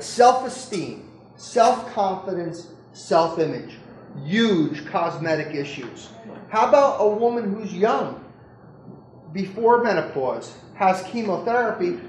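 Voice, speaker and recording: In a lecture room, a male doctor with a high-pitched voice gives an informal medical lecture, chatting conversationally, cracking jokes and repeatedly asking the audience questions. The recording has a roomy echo and faint background noise.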